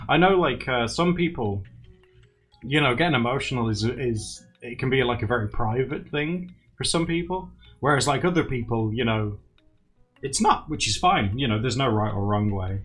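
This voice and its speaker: A young man chats with his live stream viewers in a rambling, friendly way, his pitch rising and falling a lot. He laughs often and slips into acted-out quotes. Soft music plays quietly under his voice. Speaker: livestreamer. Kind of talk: casual chat with live viewers. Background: faint music.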